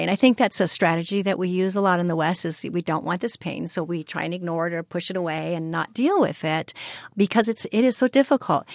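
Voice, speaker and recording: A woman's voice: fairly low pitch, no echo, studio quality. A woman being interviewed on the radio about her memoir, answering in an earnest, reflective storytelling way. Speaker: interview guest, memoir author.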